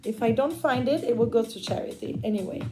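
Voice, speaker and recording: Chatty Swiss woman in her forties, high-voiced. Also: fast talker. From Switzerland. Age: 40s. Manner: rambling, chatty, with frequent fillers and restarts. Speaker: artist and vlogger. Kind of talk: casual storytelling while painting. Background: background music.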